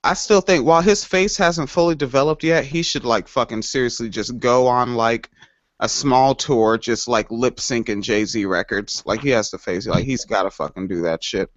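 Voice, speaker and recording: A man's voice: medium pitch, moderate pace, dry recording, lo-fi sound. A man co-hosting a casual podcast chat, joking loosely, swearing and mimicking other people. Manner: joking, profane, mimics voices. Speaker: podcast co-host.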